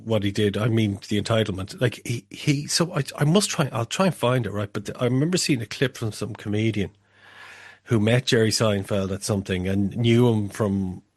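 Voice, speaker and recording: Guy cohosting a podcast, blunt, swears a lot, lowish voice, dry close sound. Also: normal speed, husky, no room sound. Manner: opinionated, blunt, swears freely. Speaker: podcast co-host. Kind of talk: casual podcast chat.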